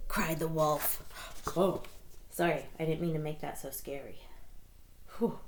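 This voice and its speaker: A woman reading a picture book aloud to children, playful and expressive, with chatty asides. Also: low voice, unhurried, long pauses, a little hiss or hum.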